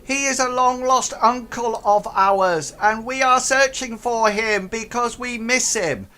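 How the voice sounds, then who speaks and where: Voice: measured pace, pushed and bright. A game master voicing a group of nervous, bumbling little space goblins who stammer and plead. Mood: shifty. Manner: stammering, pleading, high-pitched.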